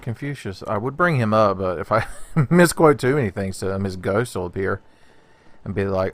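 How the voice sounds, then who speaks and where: A man's voice: fairly low pitch, animated, moderate pace. A man hosting a gaming channel, rambling through a let's play with constant jokes, frequent laughter and casual swearing.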